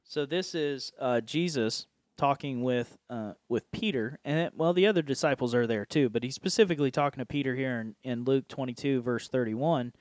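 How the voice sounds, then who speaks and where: A man's voice: mid-range voice, no room sound. A man hosting a casual Christian podcast, explaining ideas with examples and laughing often. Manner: animated, laughs often, acts out quick voices. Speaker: podcast host.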